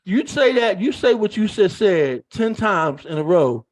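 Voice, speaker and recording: High-voiced man hosting a teasing chat. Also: big pitch swings, unhurried. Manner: teasing, mock-interrogating, stammering restarts. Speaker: show host. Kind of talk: casual online panel chat.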